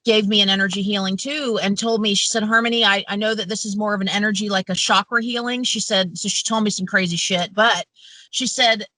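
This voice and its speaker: A woman's voice: medium pitch, fairly even intonation, brisk, bright, forceful tone, dry recording, low-quality recording. A woman chatting casually as a podcast guest, blunt and sweary, laughing often. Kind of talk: casual chat.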